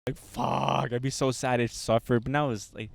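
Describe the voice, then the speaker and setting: A man's voice: mid-range voice, normal speed, vocal fry, no room sound. A man co-hosting a podcast in casual chat, telling stories with frequent laughter. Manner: laughs often, animated storytelling. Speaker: podcast co-host.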